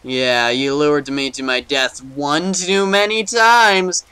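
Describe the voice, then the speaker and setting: A man giving jokey let's-play commentary on a horror game, talking back to the game and swinging between loud bravado and muttering. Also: a little high, takes it slowly, clear, resonant tone. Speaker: gaming video host.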